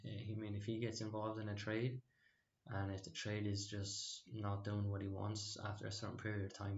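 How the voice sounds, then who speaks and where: A man's voice: fairly low pitch, vocal fry, roomy sound, highs cut off. A man casually talking through his stock trades, rambling and hesitant with many fillers and restarts. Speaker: stock trading channel host. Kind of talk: casual screen-share trading recap.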